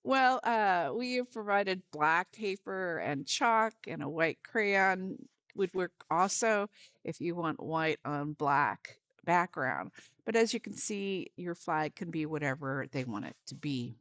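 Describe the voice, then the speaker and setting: A woman's voice: on the low side, animated, takes it slowly, a bit bright, dry recording. A woman volunteer giving a friendly step-by-step craft lesson for parents and children, with some fillers.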